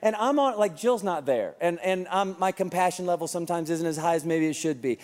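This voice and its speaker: Man, pastor, funny sermon story, high voice, long hall reverb. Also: a little fast, a little mellow. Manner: humorous storytelling.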